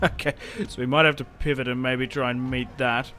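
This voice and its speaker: A young gaming host talks over his own strategy game in a chatty, joking way, often trailing off and starting over. His medium-pitched voice is sharp in tone, fairly quick, and flat in delivery.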